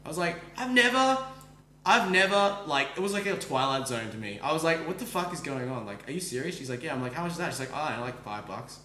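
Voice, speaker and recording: An Australian man hosting a podcast, telling a story in fast casual speech full of likes, swearing and restarts. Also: medium pitch, animated, a bit bright, reverberant. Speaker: podcast host. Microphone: streaming microphone.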